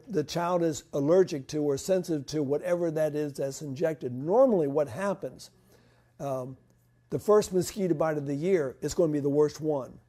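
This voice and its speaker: A man answers questions about home remedies in a practical, rambling way. His voice is mellow and sits a little high, and he often restarts his sentences. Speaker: health lecturer.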